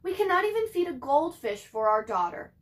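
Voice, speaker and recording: Woman reading a wailing peasant mother, high and lively, pleading and tearful. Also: brisk. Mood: sorrowful. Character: frantic grieving village mother.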